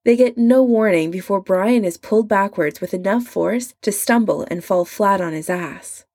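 A woman narrating a story in a measured storytelling manner. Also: medium pitch, a little mellow. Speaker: audiobook narrator. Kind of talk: scripted narration.

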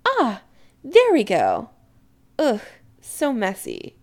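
A woman voicing a bubbly, meddling middle-aged sorceress mother who gushes in a high, sing-song way. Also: huge pitch swings, slow pace, full character voice. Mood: gushing. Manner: gushing, sing-song, cheerful.

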